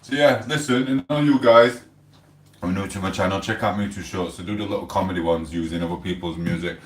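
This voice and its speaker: A man's voice: sits low, brisk, recorded from a distance. A middle-aged English man hosting a casual livestream at home, chatting in a wandering way while he eats and reads chat aloud. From England. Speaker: livestream host. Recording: roomy sound, voice away from the mic.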